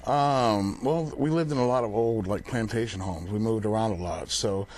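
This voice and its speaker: Young male guest, lowish voice, easygoing, lots of "um" and "like". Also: moderate pace. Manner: relaxed, plain-spoken, uses many fillers like "um" and "like". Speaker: paranormal investigator guest. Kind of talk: casual TV interview. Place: TV studio.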